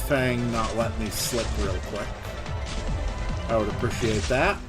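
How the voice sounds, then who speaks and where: A man's voice: on the low side, a little slow. A man casually commentating his own gameplay and thinking aloud, over faint music. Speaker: game streamer reading and playing.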